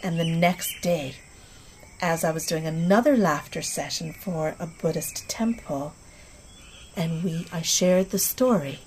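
A woman who works as a medical clown, telling a story in an interview in a gentle voice that often drops to a near-whisper. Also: low voice, measured pace, a little hiss or hum. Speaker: medical clown and laughter leader.

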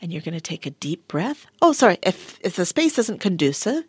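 A woman giving a motivational talk and guiding affirmations in a studio, animated, laughing often and dropping into soft whispers. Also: fairly low pitch, brisk, hardly any pauses, husky, no echo. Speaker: wellness speaker. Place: studio with a sound engineer.

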